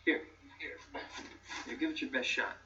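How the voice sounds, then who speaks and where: An actor playing a flustered young father in a 1990s sitcom, pleading and then gently soothing his child. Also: medium pitch, moderate pace, natural voice. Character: young flustered father, harried but loving. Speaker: sitcom character. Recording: distant muffled clip with background noise.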